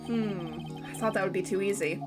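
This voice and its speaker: A woman's voice: mid-range voice, normal speed, voice pushed down, close to an everyday voice. A woman voicing a young male defense lawyer with a dry, wry way of thinking aloud. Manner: dry, wry inner monologue. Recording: game music playing behind.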